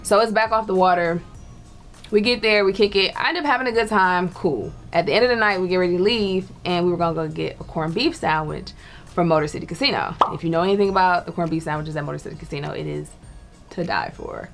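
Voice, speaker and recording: A woman's voice: on the low side, fast talker, faint music behind. A young woman telling a story in casual chat, laughing and acting out the voices of people she quotes. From Detroit. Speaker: guest storyteller.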